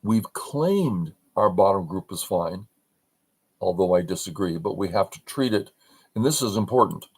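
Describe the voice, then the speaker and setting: A man's voice: low voice, expressive, moderate pace, breathy edge, poor audio. An older man teaching a game review on a livestream, talking in short broken phrases and asking and answering his own questions.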